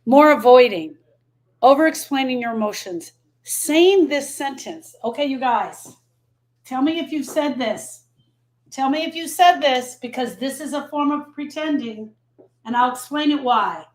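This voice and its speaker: A fairly high-voiced middle-aged woman talks straight to her live-stream viewers as a grief coach. She is emphatic and says her main points twice over, and she stops to answer comments as they come in. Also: animated, unhurried.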